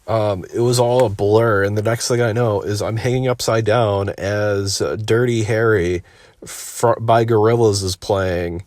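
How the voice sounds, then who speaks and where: A man's voice: fairly low pitch, steady tone, unhurried, a little mellow, no room sound. A young man casually telling a story in a rambling, laid-back way, swearing often and leaning on "like.".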